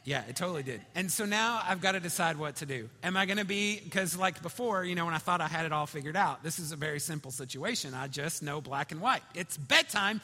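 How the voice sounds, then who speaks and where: Chatty pastor in a reverberant hall. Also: male voice, a little high, fast talker, hardly any pauses. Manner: conversational storytelling, swings between loud and whispered. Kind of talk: sermon.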